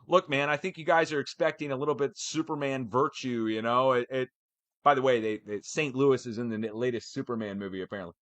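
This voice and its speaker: A man giving a casual, animated ranting update for his channel, swearing as he goes. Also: medium pitch, fast talker, no room sound. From United States. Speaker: channel host.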